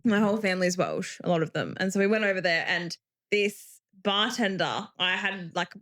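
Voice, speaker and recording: A woman's voice: mid-range voice, expressive, moderate pace, a bit bright. A young woman with an Australian accent co-hosting a podcast, joking and laughing often. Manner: laughs often, chimes in with jokes. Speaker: podcast co-host. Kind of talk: casual chat.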